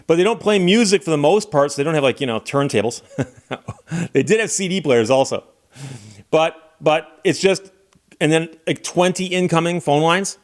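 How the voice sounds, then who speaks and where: A middle-aged man from Michigan, telling a casual story as a channel host and acting out the dialogue of the people in it. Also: mid-range voice. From Michigan, USA. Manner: animated anecdote-telling, acting out quoted dialogue.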